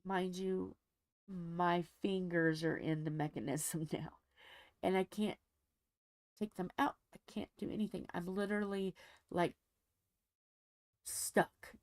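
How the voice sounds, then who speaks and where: Woman, low gravelly voice, slow unhurried talk, rambling folksy storytelling, casual crafting chat. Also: fairly even intonation, a little mellow, no room sound. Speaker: diamond painting channel host.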